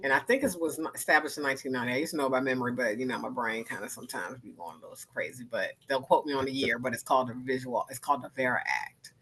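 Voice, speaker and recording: An animated woman in her fifties, speaking candidly as a panel guest. Her voice is bright and forceful, and she keeps slipping into lively impressions of the people she quotes, laughing as she goes. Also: a bass voice, rapid-fire, few pauses, poor audio. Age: 50s. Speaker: arts organization founder, guest speaker.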